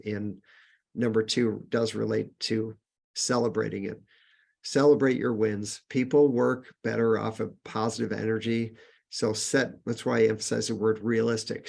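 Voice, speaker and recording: A man's voice: fairly low pitch, gravelly, a little mellow. A man presenting a business webinar in a conversational manner, with frequent fillers and restarts, lifting his voice on each numbered point. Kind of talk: casual webinar teaching.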